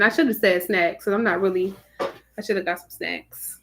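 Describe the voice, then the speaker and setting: A woman's voice: mid-range voice, fairly even intonation, normal speed, a bit bright, slight background noise. A woman hosting a live stream, greeting her viewers by name in a casual, chatty way. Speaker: livestream host.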